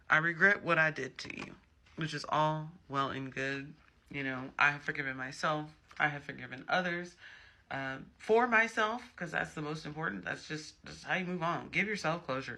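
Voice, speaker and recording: Gravelly, bright-voiced man reading tarot. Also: fairly high pitch, a little hiss or hum. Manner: chatty and emphatic, personal asides. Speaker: tarot reader.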